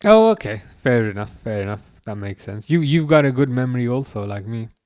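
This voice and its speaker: With a mid-range, darkish voice and no echo, a man in his thirties hosts a live stream, chatting casually and reading viewer comments amid halting restarts and dry jokes.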